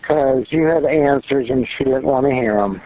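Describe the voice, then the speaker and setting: A man's voice: mid-range voice, moderate pace. A man in a casual phone conversation, giving advice in a coaxing, loose, rambling way. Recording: tinny phone line with faint noise.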